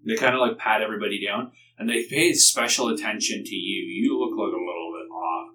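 A man's voice: lowish voice, brisk, far from the mic, background noise. A man narrating a tabletop game as game master, loose and rambling with many fillers.

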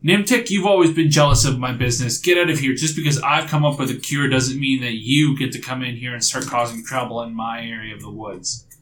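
A man voicing a panicky, greedy woman who sells fake potions, yelling and frantic. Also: on the high side, very fast, few pauses, distant mic, a little hiss or hum, voice pushed up, natural voice. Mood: angry.

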